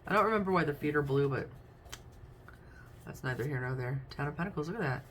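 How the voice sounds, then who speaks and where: A woman's voice: low voice, lively intonation, fast talker, a bit bright, a little hiss or hum. Chatty woman reading tarot cards. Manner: chatty, thinks aloud while naming cards. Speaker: tarot reader. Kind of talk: casual tarot card reading.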